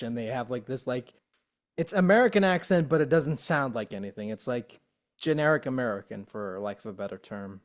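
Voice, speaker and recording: A man's voice: mid-range voice, expressive, fairly quick. A man hosting a podcast interview, talking casually and rambling with lots of filler words. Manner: rambling, peppered with "like" and "you know". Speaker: podcast host.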